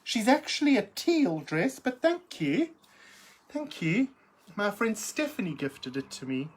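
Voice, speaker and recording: A woman's voice: mid-range voice, big pitch swings, a little slow, slight background noise. A middle-aged woman hosting a live chat, reading out viewer comments in a camp, theatrical, giggly manner. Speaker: livestream host.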